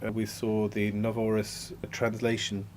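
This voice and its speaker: A man's voice: lowish voice, monotone, a little slow, a little hiss or hum. A man interviewing a researcher, asking curious, conversational questions.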